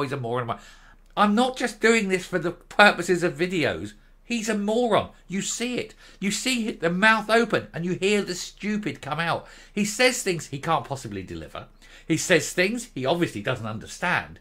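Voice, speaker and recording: A man's voice: fairly high pitch, sing-song, moderate pace, sharp tone. A middle-aged man hosting a political commentary show, ranting in a sarcastic, mocking, scornful way.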